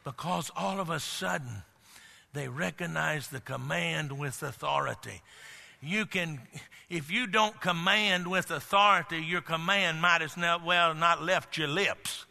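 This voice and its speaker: A man's voice: on the high side, a little slow, creaky, bright, forceful tone. A man preaching a sermon as pastor, emphatic and storytelling. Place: church sanctuary. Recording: long church-hall reverb.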